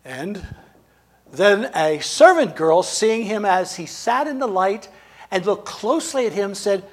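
A man preaching a sermon in a dramatic way, swinging between emphatic lines and hushed ones. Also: high voice, expressive, unhurried.

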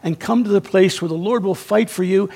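Male pastor, raspy, higher-pitched voice, emphatic sermon that swings loud and hushed. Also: fairly quick. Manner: emphatic, swings between raised and hushed delivery.

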